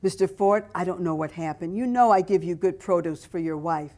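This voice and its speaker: A woman's voice: fairly low pitch, a little fast, a little mellow, close to an everyday voice. An Italian-accented produce seller, a grown man pleading and insisting that his goods are good, as a woman reading aloud puts him on. He talks eagerly and keeps begging for another chance. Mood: earnest.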